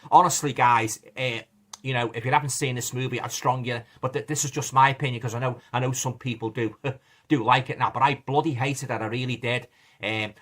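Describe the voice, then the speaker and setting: A man's voice: medium pitch, fairly bright tone. A man with a Liverpool accent giving a blunt, rambling movie review in a casual vlog, full of fillers and repeating himself.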